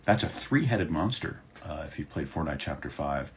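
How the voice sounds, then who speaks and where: A man's voice: extremely low pitch, moderate pace. A man in his fifties, a voice actor hosting a casual fan Q&A stream, rambling easily with fillers. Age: 50s. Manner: relaxed, rambling, many fillers. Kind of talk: casual livestream chat.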